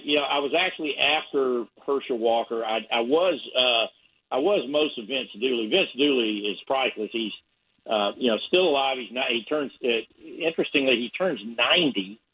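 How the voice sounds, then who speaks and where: A man's voice: mid-range voice, bright, forceful tone, slightly rough, poor audio. A man, a sports reporter, telling a story as a radio guest, rambling with many restarts.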